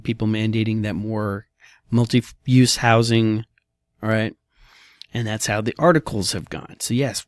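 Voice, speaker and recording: A man's voice: on the low side, no room sound, clean studio sound. A man, a real estate broker giving blunt, casual commentary on housing market slides and tossing in "all right" and "okay" often.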